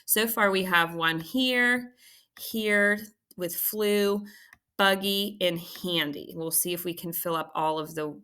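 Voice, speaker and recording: Slow, bright-voiced woman teaching phonics. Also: on the low side, clear, resonant tone. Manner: patient, checks in with frequent "okay?". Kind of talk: recorded phonics lesson.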